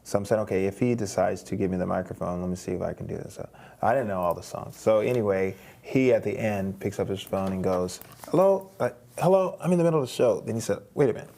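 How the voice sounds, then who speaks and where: A man's voice: deep voice, steady tone, fast talker, creaky, dark tone. A man, a guest singer, telling a long story in a studio interview, rambling, with many restarts and repeated words. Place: streaming studio.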